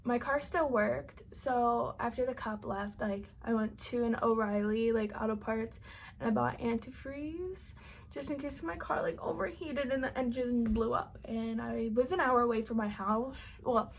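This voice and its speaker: A woman's voice: a little high, steady tone, a little slow, vocal fry, a little hiss or hum. A young woman vlogger telling a storytime to her camera, rambling casually with constant "like" and frequent swearing. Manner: rambling, heavy use of "like" and swearing.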